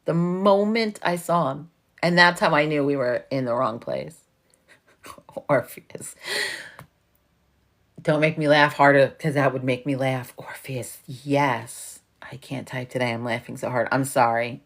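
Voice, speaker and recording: A woman's voice: very deep voice, steady tone, measured pace. A woman from New York with a New York accent, hosting a casual livestream chat and telling a story full of swearing and laughter. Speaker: livestream host.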